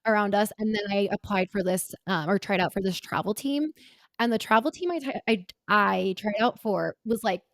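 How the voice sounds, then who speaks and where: A woman in her twenties, a podcast co-host, talking candidly about her past in a halting, earnest way with many filler words. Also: medium pitch, no echo. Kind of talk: candid personal conversation.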